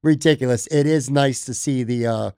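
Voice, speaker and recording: A man hosting a casual sports podcast who talks in an excitable, knee-jerk way. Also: mid-range voice, normal speed, clean tone, no room sound, studio quality. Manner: excitable, self-admitted knee-jerk reactor. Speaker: podcast host.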